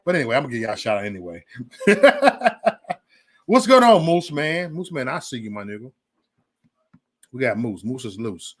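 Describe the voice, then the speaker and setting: A man hosting a casual livestream chat, loud and profane, swinging between shouting and mumbling. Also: mid-range voice, very animated, moderate pace, pauses often. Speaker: livestream host.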